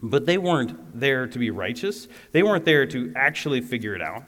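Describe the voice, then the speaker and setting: A man preaching a lively, conversational sermon as a youth pastor, often turning aside to talk to the listeners. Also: medium pitch, fairly quick, long reverb tail.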